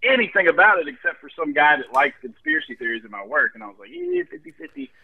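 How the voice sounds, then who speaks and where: A man chatting on a comedy podcast in a bright, higher voice that swings widely in pitch. He is animated and laughs often. The sound is dull and lo-fi. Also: fast talker, husky. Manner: animated, laughing, jumps into loud mock voices. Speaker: podcast co-host. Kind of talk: casual comedic podcast banter.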